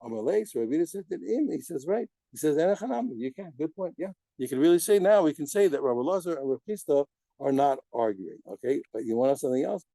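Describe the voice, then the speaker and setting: Animated man teaching Talmud. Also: fairly high pitch, fast, creaky, no echo, rough recording. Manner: animated, asks rhetorical "what?" questions; mixes Aramaic terms into English explanation. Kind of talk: daf yomi Talmud class.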